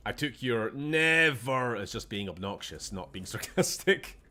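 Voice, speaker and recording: Sarcastic muttering and quiet swearing fill this young Scottish streamer's relaxed commentary as he plays. His mid-range voice is animated, pushed and bright, and he takes his time.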